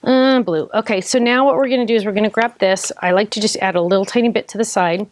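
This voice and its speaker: A woman hosting a card-making tutorial, chatting excitedly as she works and bantering with someone off camera. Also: medium pitch, fast talker, a little hiss or hum. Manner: thinks aloud with small self-corrections. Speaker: craft tutorial host. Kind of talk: casual crafting demo, narrating each step.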